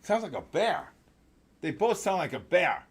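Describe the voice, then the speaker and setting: Excitable male trading-room host. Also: high-pitched, husky. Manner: excitable, fast-talking, bursts of loud exclamations. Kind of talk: live trading room commentary.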